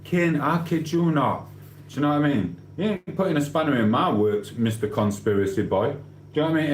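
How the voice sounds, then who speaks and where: A man's voice: mid-range voice, lively intonation, brisk. A man hosting a casual livestream, reading comments aloud and ranting bluntly with cheeky swearing. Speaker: livestream host. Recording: roomy echo with faint hum.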